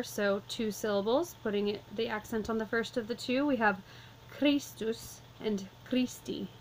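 A woman walking through a vocabulary lesson, explaining calmly and methodically, step by step. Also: a little high, slight background noise, rough recording. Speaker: Latin teacher.

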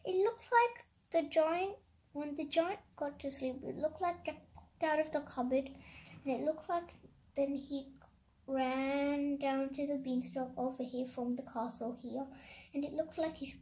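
A child reading a picture book aloud, slowly and carefully, stopping to describe the pictures. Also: high voice, a little mellow. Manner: slow careful reading, halting comments. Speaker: story reader.

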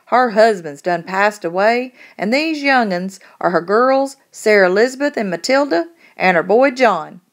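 A woman voicing a gruff rustic frontier father who talks in a folksy backwoods drawl. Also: mid-range voice, expressive, normal speed, hardly any pauses, natural voice. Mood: hearty.

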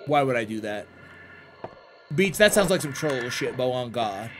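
A man's voice: medium pitch, lively intonation, normal speed, background noise. A man streaming a horror game live, bantering with chat in a hyped, profane, teasing way.

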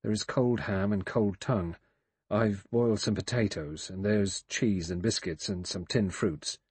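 A man's voice: fairly low pitch, unhurried, a little mellow, husky, no echo. A man voicing an anxious, deferential male butler in an audiobook, polite and worried.

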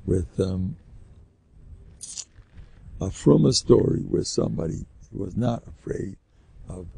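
A man's voice: on the low side, vocal fry, mellow, breathy edge. An older man, a rabbi giving an informal lecture, telling stories animatedly with rambling asides and Yiddish words sprinkled in.

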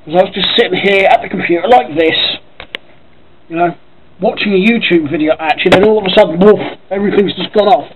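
A man's voice: high-pitched, fast, slight background noise, rough recording. A man with a Norfolk accent rambling casually in a home vlog, chatty and swearing offhandedly. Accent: Norfolk English. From Norfolk, England. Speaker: vlogger. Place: at home by his computer.

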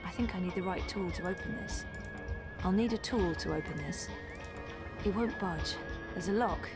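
A woman's voice: lowish voice, normal speed, lightly acted. A woman doing a hesitant polite young heroine, game music behind her. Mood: wary.

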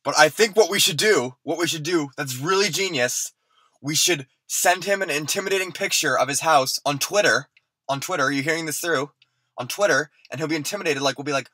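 A man doing a comic parody vlog skit, talking mock-serious and getting hyper, sometimes shouting. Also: fairly high pitch, a little fast, no room sound, rough recording. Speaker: parody vlogger.

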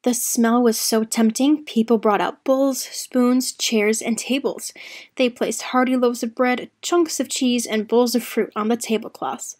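A woman reading a children's story aloud during a church service, with an expressive, animated delivery. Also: a little high, unhurried.

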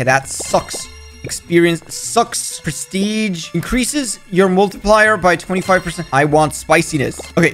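A young man giving excited running commentary while he plays a video game, cheering and groaning at each kick and talking to his in-game pets. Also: on the high side. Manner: hyped, jumpy, talks to the game and its pets. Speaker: gaming video creator. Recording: faint background music.

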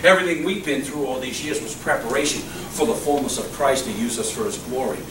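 A middle-aged male pastor preaching a sermon, swinging from loud exclamations to soft, low murmurs, recorded in a church. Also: quick pace. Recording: echoey church hall, mic at a distance, faint hum.

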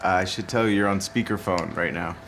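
An American actor playing an actor in London, talking in an awkward, halting way and stumbling over his words. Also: deep voice, music in the background. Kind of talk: short film acting.

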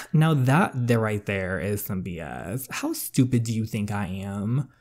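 A man's voice: lively intonation, a little slow. A man voicing an exasperated teenage girl. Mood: irritated. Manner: raised pitch, sharp and exasperated. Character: fed-up teenage girl, bitter and defiant. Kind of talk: reading a story game aloud.

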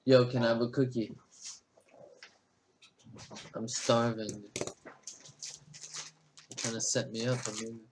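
A man's voice: mid-range voice, little pitch movement, measured pace, pauses often, heavy background noise. A young man chatting loosely and swearing while he draws on a livestream from his desk at home. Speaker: livestreamer drawing. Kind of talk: casual chat while working.

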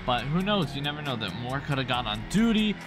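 A young man giving excitable gameplay commentary, full of exclamations and constant "bro". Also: medium pitch, fairly quick. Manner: hyped, says "bro" constantly, frequent exclamations. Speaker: gaming YouTuber. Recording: music playing underneath. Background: game sounds and music.

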